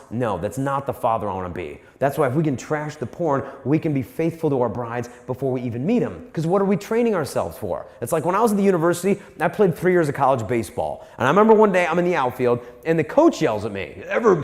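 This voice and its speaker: A man giving a storytelling talk to a live audience, animated and acting out the voices he quotes. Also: mid-range voice. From United States. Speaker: speaker. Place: large hall with an audience. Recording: echoey hall.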